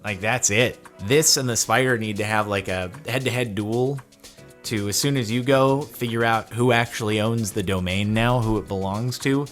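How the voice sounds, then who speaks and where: A man's voice: fairly low pitch, moderate pace, faint music behind. A young man hosting a reaction video, rambling and joking in casual commentary. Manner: animated, rambling, jokey.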